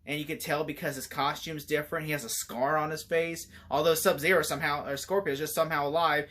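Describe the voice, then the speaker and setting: A man giving a casual, rambling movie review, animated and laughing often as he talks. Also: on the high side, quick pace.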